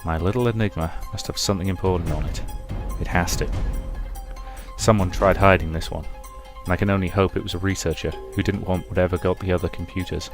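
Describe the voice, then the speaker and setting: A man hosting a let's play, calmly reading a story game's narration aloud with casual asides. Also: sits low. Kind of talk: reading a visual novel aloud.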